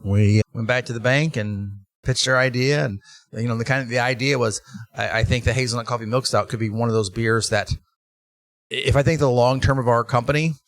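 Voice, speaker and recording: A man who owns a brewery, talking in a casual interview and telling animated stories with lots of restarts. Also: mid-range voice, brisk, dry recording, clean studio sound. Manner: animated storytelling with laughs and restarts. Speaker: brewery owner, guest.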